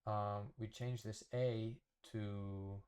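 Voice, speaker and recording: A man teaching a casual lesson at a whiteboard, explaining slowly and patiently, often checking with "okay?". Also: fairly low pitch, level tone, a little mellow, smooth. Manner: slow, patient explaining with fillers and repeated checks. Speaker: Spanish teacher.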